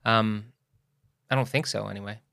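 Tired male podcast co-host, lively bright delivery, teasing, dry sound. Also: fairly low pitch, normal speed, gravelly, clear, resonant tone, no room sound. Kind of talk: casual podcast chat.

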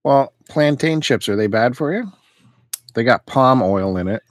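A man's voice: mid-range voice, measured pace, no echo. A man co-hosting a casual podcast from home, chewing food as he talks and trading light banter. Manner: chewing while talking, relaxed banter. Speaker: podcast co-host. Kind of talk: casual chat.

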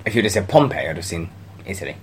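Low-key deadpan man hosting a podcast. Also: rapid-fire, background noise. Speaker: podcast host. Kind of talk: casual chat.

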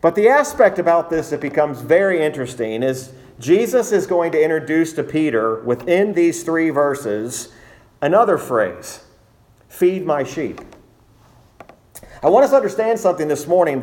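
A man preaching a sermon as pastor, measured and emphatic, repeating key phrases for weight. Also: on the high side, a little mellow.

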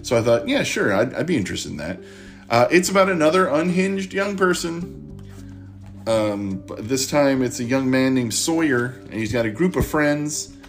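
A man hosting a podcast, recapping and recommending a book in a halting, rambling way with many restarts. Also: mid-range voice. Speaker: podcast host.

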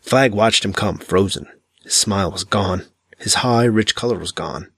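A man narrating an audiobook in a measured, dramatic reading. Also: on the low side, gravelly, a bit bright, husky, dry recording. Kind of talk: scripted narration.

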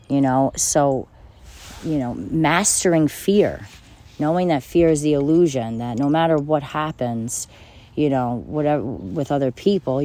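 A self-help speaker with a mellow, mid-range voice delivers a casual motivational monologue. The talk is blunt and repetitive, with lots of swearing and bursts of laughter.

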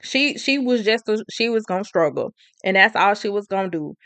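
A woman's voice: medium pitch, moderate pace, no room sound. Chatty woman recapping a story. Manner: chatty, slangy, animated retelling with frequent "she was like". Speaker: book reviewer.

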